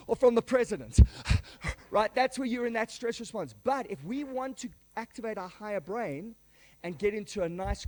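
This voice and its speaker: A man giving a live workshop talk to a standing audience, energetic and joking, calling them folks. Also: sits high. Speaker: workshop speaker. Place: conference room before a live audience.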